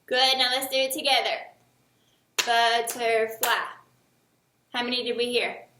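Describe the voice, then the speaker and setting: A woman teaching young children a remote lesson, speaking slowly and encouragingly, with each word clearly enunciated. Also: sits high, fairly even intonation, reverberant, background noise. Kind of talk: early-years remote lesson.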